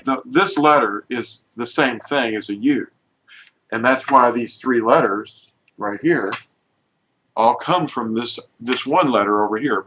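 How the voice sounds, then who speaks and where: A man's voice: mid-range voice, a bit bright, a little hiss or hum, poor audio. A man teaching an informal lesson, pointing at letters and explaining with emphatic, restarting speech.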